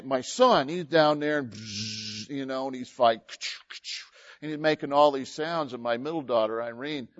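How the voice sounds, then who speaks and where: A man preaching a sermon, folksy and animated, telling stories and quoting scripture. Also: on the high side, no room sound, highs cut off. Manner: animated, folksy storytelling with laughs and quoted voices. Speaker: pastor.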